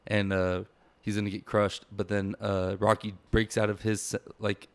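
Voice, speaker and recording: A man's voice: on the low side, level tone, unhurried, clear, resonant tone, dry recording. A young man hosting a casual book podcast, rambling with fillers and teasing his partner. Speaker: podcast host. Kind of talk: casual chat about a book.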